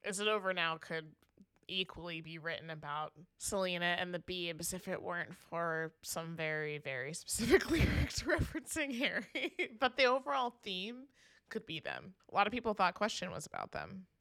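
A woman's voice: lowish voice, moderate pace, no echo, studio quality. A young woman co-hosting a podcast, talking as an enthusiastic fan in casual chat. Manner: enthusiastic fan, lively and expressive. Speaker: podcast co-host.

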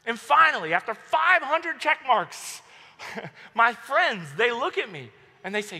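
A male pastor preaching a sermon, telling stories in an animated way and acting out his own outbursts. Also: very high-pitched, a little slow, vocal fry. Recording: long hall reverb.

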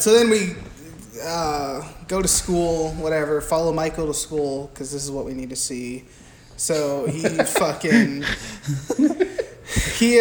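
A young man co-hosting a casual movie podcast, recapping the plot in a crude, profane, animated way. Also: on the high side. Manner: crude, profane, animated retelling with mimicked quotes. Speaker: podcast co-host. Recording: echoey room with faint background hiss.

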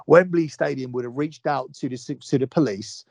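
A man's voice: medium pitch, brisk, vocal fry, darkish tone, no echo. A young man, a podcast guest, talking heatedly, swearing and repeating phrases for force. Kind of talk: heated casual chat.

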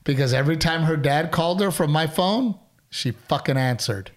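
A man in his thirties co-hosting a casual chat, telling animated stories and dropping dude and bro. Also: a little high, normal speed. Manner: animated storyteller, mocking impressions, says dude and bro. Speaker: podcast co-host.

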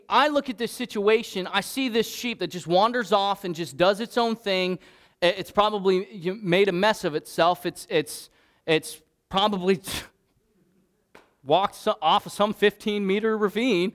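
Guy preaching a sermon, earnest and conversational, kinda high voice. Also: a bit bright. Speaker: pastor.

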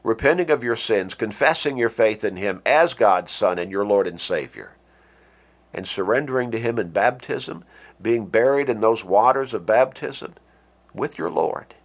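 A middle-aged man preaching an earnest radio sermon, with slow, deliberate stresses on key words. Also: lowish voice, lively intonation.

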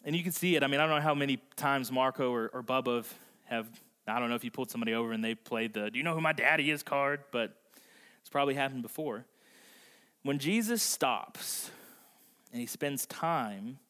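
A male pastor preaching a conversational sermon, slowing down and softening his voice for emphasis. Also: medium pitch. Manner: acts out voices in quotes. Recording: long reverb of a large hall.

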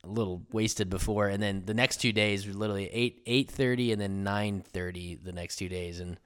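Low-voiced male co-host, rambling casually. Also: steady tone, brisk, a bit bright, smooth. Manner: rambling, laughing, stop-start. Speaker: podcast co-host. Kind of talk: casual podcast chat.

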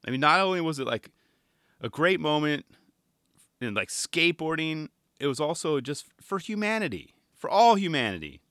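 A man's voice: fairly high pitch, pushed and bright, no echo, studio quality. A man hosting a podcast from his home garage, chatting casually and at length, often acting out what people said. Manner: laid-back, rambling, acts out quoted voices. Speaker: podcast host reacting to a skate video. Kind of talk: casual spoken commentary. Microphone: studio microphone.

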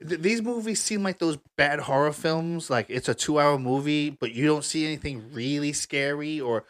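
A man's voice: on the high side, normal speed, a bit bright. A man hosting a casual podcast, rambling with lots of fillers and restarts. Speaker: podcast host.

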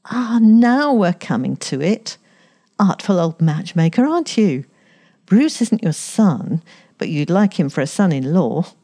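A woman reading aloud who voices a headstrong, lofty young woman, a little higher than her narration. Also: very animated, a little slow, warm tone, exaggerated voice. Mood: spirited.

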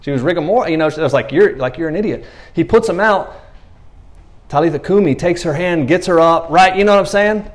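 Man, preacher, conversational sermon, animated delivery, fairly high voice. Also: brisk.

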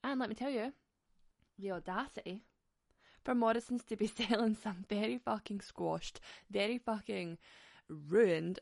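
Giggly ranting woman with a gravelly voice. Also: mid-range voice, a little slow, darkish tone, no room sound, clean studio sound. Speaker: podcast host. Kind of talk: casual comic monologue.

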